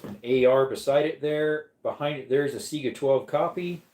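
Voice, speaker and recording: A man's voice: mid-range voice, normal speed, a little mellow, a little hiss or hum. A man hosting a casual livestream from home, chatting in a laid-back way and answering viewer comments. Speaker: livestream host reading chat. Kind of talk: casual live-stream chat. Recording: echoey room.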